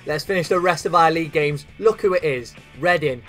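A young man commentating his own football video game career with lively, animated energy and sudden shouts. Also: a little high, brisk. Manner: animated, shouts at big chances. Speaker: gaming YouTuber. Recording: faint guitar music behind.

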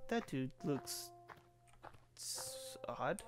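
A man's voice: on the high side, animated, takes it slowly, vocal fry, over music. A man giving casual, profane, rambling commentary while playing a video game for the first time, laughing often. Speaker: let's play gamer.

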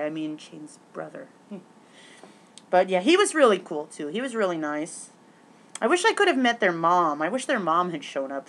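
This casual vlogger is a woman whose voice sits fairly low; she rambles through her talk with frequent fillers and restarts, occasionally bursting with excitement and swearing here and there.

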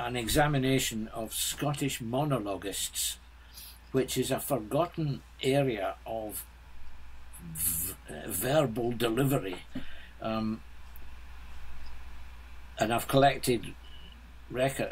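A man in his seventies, a guest composer, talking bluntly in a halting, restart-filled way in a casual interview. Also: medium pitch, slight background noise, rough recording. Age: 70s.

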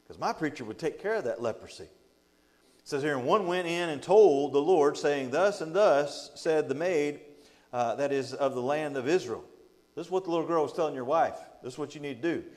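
A man's voice: on the high side, darkish tone. A man teaching a Bible study as pastor, reading scripture aloud and retelling it in a folksy, joking way, often laughing between points. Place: church. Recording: long hall reverb.

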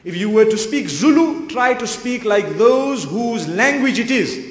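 A man's voice: extremely high pitch, animated, measured pace. Earnest male preacher in an echoey hall. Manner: earnest, emphatic, with frequent Arabic phrases. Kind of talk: sermon. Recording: echoey hall, long reverb.

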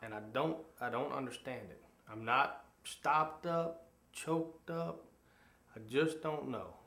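A man co-hosting a casual talk show, animated and halting, often restarting his sentences. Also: mid-range voice, creaky. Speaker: co-host. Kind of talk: casual chat. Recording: echoey room.

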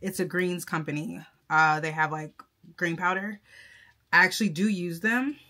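On the low side, this vlogger's voice is steady, bright and forceful, delivered at a moderate pace. She gushes emotionally to her viewers in casual talk to camera, chatty and full of fillers and false starts.

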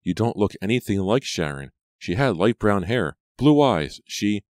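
A man voicing a confused, frightened teenage boy who pleads and shouts in an audiobook. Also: fairly low pitch, huge pitch swings, a little slow, no room sound, clean studio sound, pitched above the performer's own voice, full character voice. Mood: panicked. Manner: agitated, pleading.

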